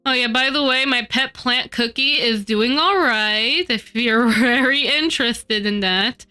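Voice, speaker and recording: A woman's voice: fairly high pitch, unhurried, sharp tone, faint music behind. A woman streamer chatting casually with her live chat as she works, teasing and mock-indignant in her banter.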